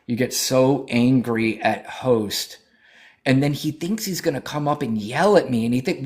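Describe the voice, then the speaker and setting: A man's voice: mid-range voice, measured pace, a little mellow. A man hosting a political livestream, talking in a brash, profane, mocking way, thanking viewers and scolding callers. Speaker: livestream host.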